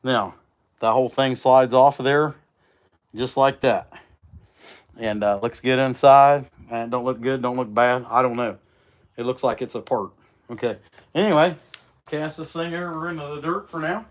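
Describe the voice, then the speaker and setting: A man chatting casually during a livestream as he works, his voice slightly rough from a recent illness, rambling and folksy. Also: medium pitch, normal speed, pauses often. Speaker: chainsaw carver hosting a livestream. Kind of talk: casual livestream chat while working.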